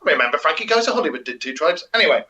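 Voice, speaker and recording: A man's voice: on the high side, sing-song, racing, bright, forceful tone. A man co-hosting a casual podcast, reading out notes with many ums and joking asides. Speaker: co-host. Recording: muffled lo-fi audio.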